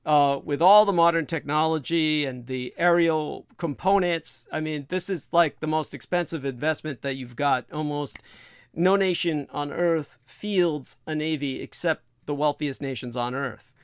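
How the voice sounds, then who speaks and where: A man delivers an off-the-cuff livestream monologue in a somewhat high, smooth and resonant voice. He talks bluntly and with emphasis, often pausing on fillers and restarting his sentences. The sound is dry and close, with no room echo. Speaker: livestream host. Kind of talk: unscripted monologue.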